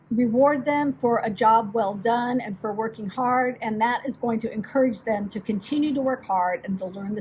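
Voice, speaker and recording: A woman's voice: fairly high pitch, a little mellow, slight background noise, poor audio. A woman swim instructor giving parents earnest, encouraging advice in a direct, explanatory talk.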